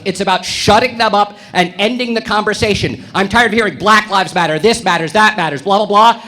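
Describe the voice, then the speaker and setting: A male stand-up comedian working a club stage with a high, bright voice. He talks brashly and provocatively and lands his punchlines deadpan. The sound comes off a handheld stage mic.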